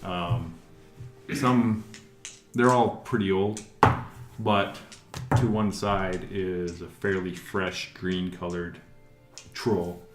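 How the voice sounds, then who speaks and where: A man narrating as game master for a tabletop game, relaxed and chuckling, with many fillers. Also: deep voice, drawn-out words, long pauses. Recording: roomy sound with faint music.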